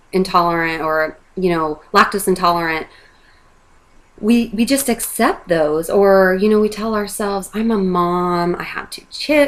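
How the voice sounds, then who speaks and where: A woman's voice: fairly low pitch, fairly bright tone. A woman in her thirties, a mother, earnestly talking about a product she believes in, with many fillers and restarts. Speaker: product promoter. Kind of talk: casual testimonial monologue.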